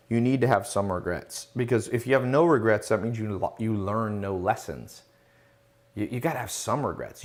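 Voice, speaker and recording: A man hosting a casual live Q&A, reading out viewer questions and answering them in a confident, emphatic, lecturing way with rhetorical questions. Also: mid-range voice. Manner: reads out chat questions, then answers.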